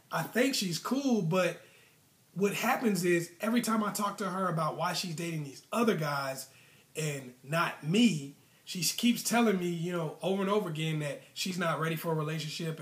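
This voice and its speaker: A man's voice: fairly high pitch, fairly bright tone, echoey room. A man hosting a relationship advice video, talking casually and retelling clients' stories with lots of fillers.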